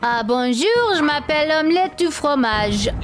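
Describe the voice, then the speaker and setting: A woman voicing a cheeky, rude cartoon Frenchman with a deliberately exaggerated mock French accent, in a gameplay stream. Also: sits high, sing-song, music in the background.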